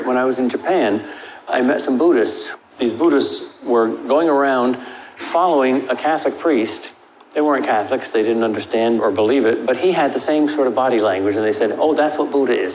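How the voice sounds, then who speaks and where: An older man answering audience questions after a lecture, emphatic and wry, his pitch jumping up for stress. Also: a little mellow. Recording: echoey hall with faint noise.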